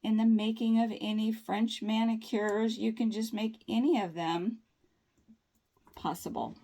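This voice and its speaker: A woman's voice: a little high, steady tone, a little slow, dark tone. A woman chatting upbeat and reassuring through a nail tutorial, with folksy phrasing. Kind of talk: casual tutorial talk.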